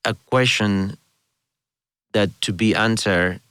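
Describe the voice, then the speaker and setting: A middle-aged man from Spain with a thick Spanish accent, a guest telling animated stories in a casual interview, laughing often and restarting his sentences. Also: on the low side, takes it slowly, clean tone, no echo. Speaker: guest, orchestra conductor.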